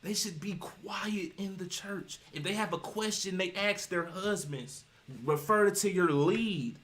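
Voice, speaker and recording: A man streams casual commentary with a voice pitched a little above the usual male range. He preaches with emphasis, cites scripture and rambles, doubling back on himself as he goes. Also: unhurried, a bit bright. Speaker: streamer commenting on reaction videos.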